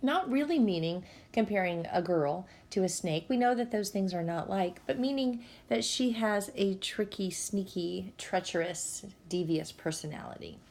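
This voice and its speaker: A woman's voice: mid-range voice, moderate pace, hardly any pauses, darkish tone. A woman teacher, explaining a lesson patiently and speaking directly to her students. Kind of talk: recorded classroom lesson. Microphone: tablet microphone.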